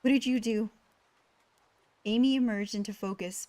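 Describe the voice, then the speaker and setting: A woman's voice: mid-range voice, moderate pace, pauses often. A young woman streamer reading a visual novel game aloud, voicing its story with feeling and chatting between lines. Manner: expressive, voicing the inner monologue with rising panic.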